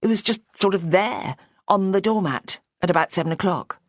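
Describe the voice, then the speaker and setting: A woman narrator voicing a blunt, impatient middle-aged mother who talks brisk and sharp. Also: mid-range voice, no echo, clean studio sound, close to an everyday voice. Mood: matter-of-fact.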